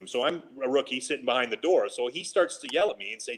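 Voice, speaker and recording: A former hockey player in his forties telling animated, casual stories on a podcast and acting out what his coaches said. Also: medium pitch, fast talker, few pauses, low-quality recording. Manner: animated anecdotes, laughing, quoting coaches. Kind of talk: casual storytelling.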